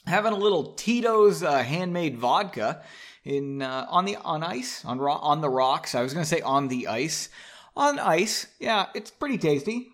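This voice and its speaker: A man's voice: on the high side, expressive, normal speed, a bit bright. A man casually reading his own book aloud, mocking his writing and swearing freely.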